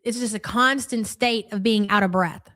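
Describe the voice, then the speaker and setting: A woman with a fairly high voice talks over a live stream, blunt and mocking as she reads chat. She swears freely. The sound is dry and close. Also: normal speed, a bit bright, no echo. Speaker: commentary streamer. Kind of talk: casual live-stream commentary.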